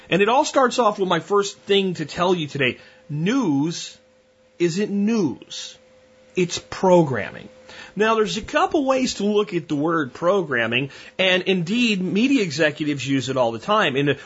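A husky, slightly breathy man's voice, pitched a bit higher than most, delivering a blunt, opinionated podcast monologue. He rambles through long analogies with frequent restarts. The audio is dull and lo-fi. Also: a bit bright. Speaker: podcast host.

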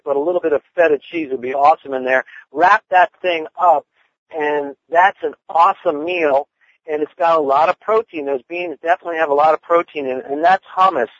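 A man's voice: a little high, a bit bright, no echo. A man chatting casually about cooking, rambling with lots of fillers. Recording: dull lo-fi dry sound.

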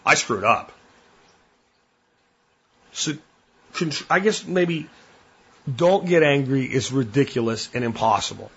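Blunt husky-voiced man. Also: mid-range voice, lively intonation, a little slow, dull audio. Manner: blunt, plain-spoken. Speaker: podcast host. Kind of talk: casual monologue.

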